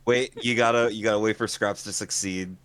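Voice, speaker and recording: A man playing in a tabletop game, talking slowly and hesitantly. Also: lowish voice, fairly even intonation, a bit bright. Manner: slow, hesitant, often laughing. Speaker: player.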